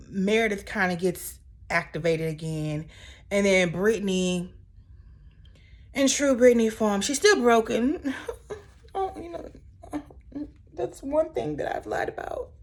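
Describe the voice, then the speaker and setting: Woman, casual recap talk, sassy, chatty, asides. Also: mid-range voice. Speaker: reality TV recap host. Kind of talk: casual episode recap commentary.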